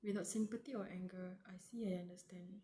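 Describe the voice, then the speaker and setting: A woman reading a weary young man's lines aloud from a novel in a hushed, breathy half-whisper. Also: medium pitch, fairly even intonation, fairly quick, close to an everyday voice. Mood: hushed, solemn. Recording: roomy with faint background noise.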